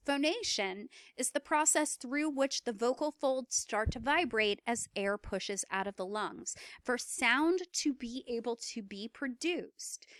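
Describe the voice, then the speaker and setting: Clear-voiced woman giving a lecture. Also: a little high, fairly bright tone, dry recording. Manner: explanatory, with casual fillers and live voice demonstrations. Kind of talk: recorded lecture on speech perception.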